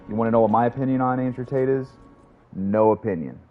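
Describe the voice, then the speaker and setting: A man's voice: mid-range voice, fast, phone-quality sound, soft background music. A man streaming a game, chatting casually with his viewers in a rambling, profane way. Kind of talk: casual livestream gaming commentary.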